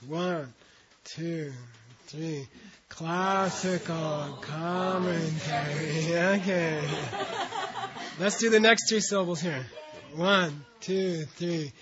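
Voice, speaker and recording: A man leads a language class in a slow, unhurried way. He counts the group in and reads syllables aloud, with casual asides between them. His voice sits slightly high and the recording sounds a little dull and lo-fi. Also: fairly bright tone. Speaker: language teacher.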